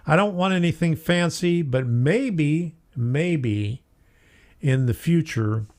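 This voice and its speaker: A man's voice: on the high side, lively intonation, takes it slowly, darkish tone. A middle-aged man hosting a casual hobby live stream, chatty, laughing often and reading viewer comments aloud. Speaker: host of a model train live stream.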